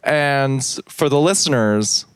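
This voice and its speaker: A man co-hosting a podcast, talking in a relaxed, measured way in casual chat. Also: medium pitch, clean tone, no room sound. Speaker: podcast co-host.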